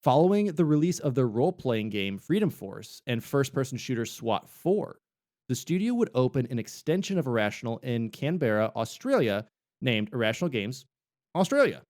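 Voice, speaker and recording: Animated man co-hosting a gaming podcast. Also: mid-range voice, moderate pace. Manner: jokey, playful, animated. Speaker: podcast co-host. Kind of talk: casual gaming podcast chat and reading of history notes.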